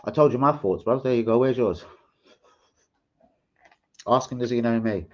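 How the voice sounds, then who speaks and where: A man, ranting and joking with plenty of swearing on a casual live stream, mocking and animated. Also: mid-range voice, moderate pace. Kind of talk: casual livestream rant. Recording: dull lo-fi stream audio.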